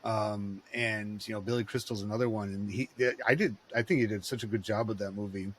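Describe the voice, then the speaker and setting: A man's voice: on the low side, fairly even intonation, a little fast, slightly rough. A man in casual podcast chat, telling rambling, digressive stories.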